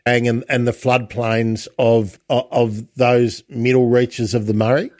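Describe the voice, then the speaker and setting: A man hosts a casual interview, chatty and quick to restart his sentences. His voice sits in a middle pitch. The sound is dry and close, with no room in it. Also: flat delivery, a little mellow, dry recording. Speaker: podcast host.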